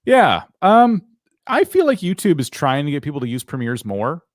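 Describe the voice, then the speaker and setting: A man's voice: fairly high pitch, wildly swooping pitch, normal speed, dry recording, studio quality. A man co-hosting a live Q&A chat, giving practical advice in an easygoing way. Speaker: co-host.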